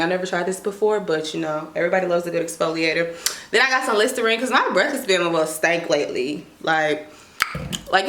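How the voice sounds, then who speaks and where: A woman's voice: medium pitch, fairly bright tone. A young woman vlogging a casual grocery haul, chatty and slangy, sometimes talking about herself in third person. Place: apartment kitchen. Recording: echoey room with clear background noise.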